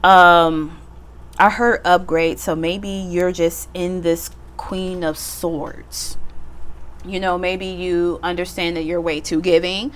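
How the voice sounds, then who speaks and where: Slow, low-voiced chatty woman tarot reader. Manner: chatty, slangy and self-mocking, swears offhandedly. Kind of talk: casual pick-a-card tarot reading.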